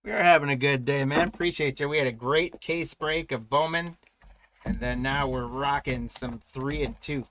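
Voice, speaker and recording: A man's voice: mid-range voice, normal speed, a bit bright, slight background noise. Upbeat man hosting a card break. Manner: upbeat, chatty, congratulates buyers by name. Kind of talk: live card break commentary.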